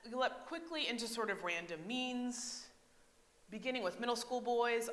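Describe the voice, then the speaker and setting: Speaking from a church sanctuary where the sound echoes, an American woman pastor gives a conversational sermon. Her fairly high, sharp voice keeps asking the congregation questions, punctuated by many a "right?".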